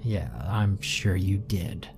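Horror villain guy, man doing the voice, breathy creepy whisper, slow, cheery and sadistic. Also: sits low, fairly even intonation, background noise. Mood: menacing. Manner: hushed menacing whisper. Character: sadistic cheerful killer man, greasy-haired, menacing.

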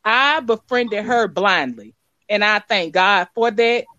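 A woman's voice: mid-range voice, lively intonation, slow, bright, forceful tone, no room sound, lo-fi sound. A woman on a video call giving a rambling, heartfelt tribute as a sponsor, with repeated words and many fillers. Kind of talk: casual heartfelt speech.

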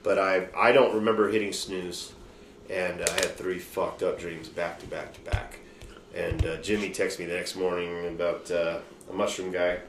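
Podcast host, man, casual and profane, slightly deep, roomy recording. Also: flat delivery, moderate pace. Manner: loose, profane, rambling retelling. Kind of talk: casual storytelling chat. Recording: roomy room with faint noise.

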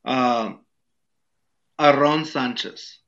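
Man, podcast co-host, casual chat, bright tense voice, dull lo-fi sound. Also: medium pitch, drawn-out words. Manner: laid-back, hesitant, laughs often.

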